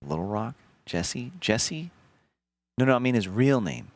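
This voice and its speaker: A man streaming a video game, chatting casually and telling a rambling, profane story in an animated way. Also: mid-range voice, a little slow, creaky, dry recording. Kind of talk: casual gameplay commentary.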